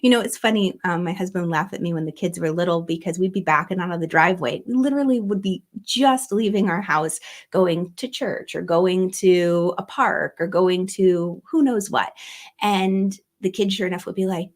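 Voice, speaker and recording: A woman's voice: lowish voice, normal speed. Middle-aged woman on a livestream, chatty, giggles a lot, says hi to viewers. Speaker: astrology livestream host. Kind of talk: casual livestream talk.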